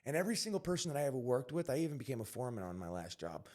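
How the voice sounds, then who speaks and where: A man from New York, a podcast guest, telling his life story candidly, earnest and emphatic with quick restarts. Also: medium pitch, big pitch swings, darkish tone.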